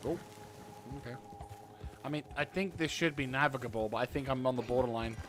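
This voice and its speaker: A man casually commentating a video game playthrough, chatting to himself and his in-game horse with bursts of excitement. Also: mid-range voice, fairly quick, music in the background. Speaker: gaming YouTuber. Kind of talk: casual let's play commentary.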